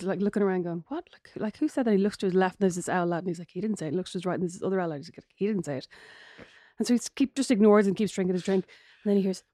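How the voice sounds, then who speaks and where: An Irish woman co-hosting a casual podcast chat, an animated storyteller who acts out the voices in her anecdotes. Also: medium pitch, dry recording, studio quality. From Ireland. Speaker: podcast co-host.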